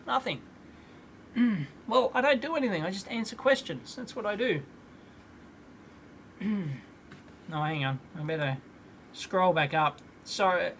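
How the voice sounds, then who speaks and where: A man in his thirties hosting a live electronics Q&A stream from a home workshop, casual and rambling, clearing his throat often. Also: high voice, a bit bright, a little hiss or hum. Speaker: electronics video host.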